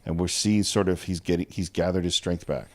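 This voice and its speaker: A man's voice: low-pitched, steady tone, a little fast. A man co-hosting a film podcast, talking through scenes in a casual, analytical way and often digressing. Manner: analytical, explains at length, digresses.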